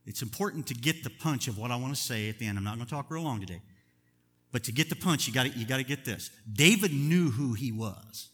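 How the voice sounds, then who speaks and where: An older man preaching a sermon as pastor, chatty and chuckling, moving between loud emphatic bursts and quiet asides. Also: medium pitch, expressive, quick pace, breathy edge, big-room sound.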